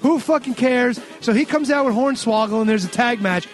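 A man's voice: extremely high pitch, normal speed, soft background music. A man recapping a wrestling show on a podcast in a sarcastic, ranting way with lots of swearing. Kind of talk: casual profane recap.

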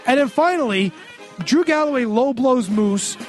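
Guy with a really high voice doing a sweary sarcastic wrestling recap, little music in the back. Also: animated, normal speed. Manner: ranting, sarcastic, heavy swearing. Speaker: podcast co-host recapping wrestling. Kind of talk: casual profane recap.

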